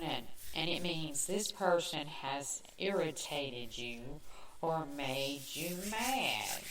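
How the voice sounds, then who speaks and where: Slow, chatty Southern woman, echoey room. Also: low voice. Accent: Southern American. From American South. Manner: chatty, self-mocking, quick asides. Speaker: podcast host. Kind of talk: casual chat. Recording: echoey room, mic at a distance.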